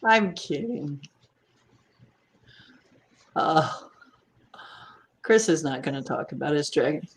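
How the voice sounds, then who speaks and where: A woman's voice: sits low, lively intonation, slow, long pauses. A woman hosting a casual livestream chat, teasing and laughing often as she talks. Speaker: livestream host.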